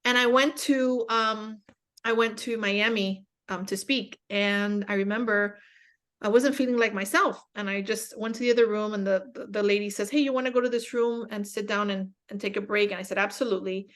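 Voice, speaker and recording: A woman's voice: medium pitch, fairly even intonation, a little fast, a bit bright. A young woman speaking as a guest in a casual spiritual conversation, telling stories candidly with self-mocking humor and many fillers.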